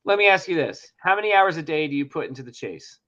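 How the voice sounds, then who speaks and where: A man's voice: fairly high pitch, expressive, quick pace, sharp tone. A middle-aged man hosting a casual talk show, telling a story animatedly, acting out dialogue and swearing often. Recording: dull lo-fi sound.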